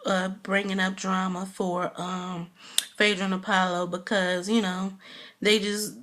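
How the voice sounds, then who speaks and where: A woman's voice: mid-range voice, a bit bright. A woman vlogger in casual chat, reviewing a show in a rambling, gossipy way full of fillers.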